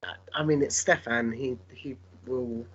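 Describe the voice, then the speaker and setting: Give me a husky man describing his character in a tabletop game on a dull recording. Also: medium pitch, fairly even intonation, a little slow, fairly bright tone. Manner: amused, rambling with fillers. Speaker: player.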